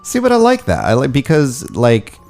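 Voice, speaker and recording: A man, a voiceover artist, co-hosting a podcast in casual chat, animated and quick to laugh. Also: mid-range voice, soft background music.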